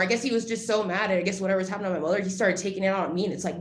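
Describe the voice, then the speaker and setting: A woman's voice: mid-range voice, racing, hardly any pauses. A woman vlogger telling a personal story in casual, rambling talk, full of "like" and blunt swearing. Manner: rambling, filler-heavy with frequent "like". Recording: roomy echo.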